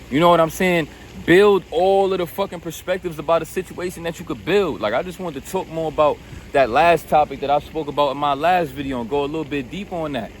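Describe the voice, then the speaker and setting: Man, motivational rant, blunt and profane, keeps saying bro, fairly high voice, faint vehicle hum behind. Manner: blunt, profane, repetitive, addresses listener as bro. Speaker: self-help video host.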